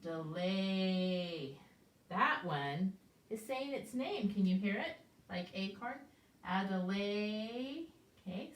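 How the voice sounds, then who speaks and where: An older woman teaching preschoolers the letter A, patiently sounding out words and asking gentle questions. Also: medium pitch. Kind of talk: slow, clear phonics lesson for small children. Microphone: camera set up at a distance. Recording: roomy echo, voice from far off.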